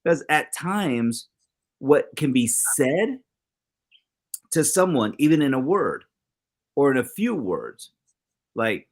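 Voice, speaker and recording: A middle-aged man co-hosting a talk show in casual chat, animated, acting out quoted exchanges with big swings in his voice. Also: medium pitch, a little slow. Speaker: co-host.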